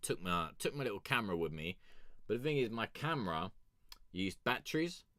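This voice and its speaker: Male host, young, lively rambling storyteller, bright dry voice. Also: lowish voice, a little fast, no echo. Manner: sweary, rambling, animated. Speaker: music review host. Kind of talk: casual storytelling.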